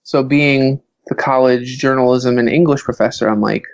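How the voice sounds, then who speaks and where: A man sits in as a podcast guest and tells his stories eagerly, with plenty of "like" and "um". His voice sits at a middle pitch. The recording is dry and a little dull. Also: moderate pace, dry recording. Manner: animated storyteller, full of filler words. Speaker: podcast guest, author and professor. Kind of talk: casual interview chat.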